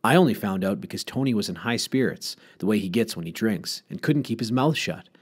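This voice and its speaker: A man voicing a sneaky young schoolboy who talks in a hushed, matter-of-fact way, in a storybook reading. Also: on the low side, expressive, fairly quick, husky. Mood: secretive.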